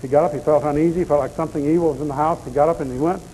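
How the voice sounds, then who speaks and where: Male preacher, sermon, folksy blunt stories, mellow tone, faint noise. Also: fairly high pitch, fairly even intonation, very fast, low-quality recording. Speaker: deliverance preacher.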